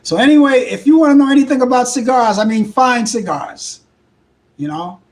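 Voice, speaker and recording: A hoarse older man with a Brooklyn accent, hosting a live talk show in rambling casual chat with halting restarts. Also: extremely high pitch, animated, low-quality recording. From Brooklyn, New York. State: hoarse, voice worn out. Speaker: host.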